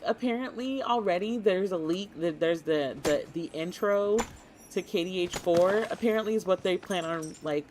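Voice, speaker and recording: A woman streamer chatting casually and excitedly to her viewers while she plays a cozy game, often talking to the game itself. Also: fairly low pitch, slight background noise. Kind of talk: casual gaming stream chat.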